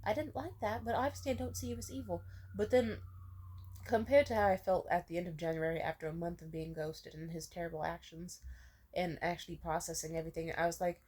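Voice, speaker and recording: A woman's voice: lowish voice, fairly even intonation, a little fast, darkish tone, husky. A young woman vlogger venting in an emotional personal rant, questioning herself aloud and swearing.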